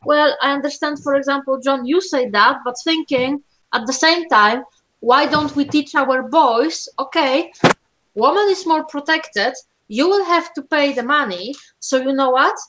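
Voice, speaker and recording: Woman debater, halting and filler-heavy, slightly high voice. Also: bright, forceful tone, a little hiss or hum, rough recording. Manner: halting, with many fillers and restarts. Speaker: participant in a discussion. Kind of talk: casual debate.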